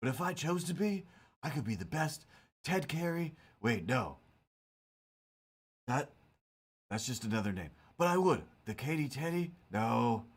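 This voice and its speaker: Man putting on a raspy, sing-song dopey bro cat, cartoon-goofy and full of himself. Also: mid-range voice, big pitch swings, unhurried, pauses often, voice pushed up. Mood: flustered. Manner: goofy, self-assured bro talk.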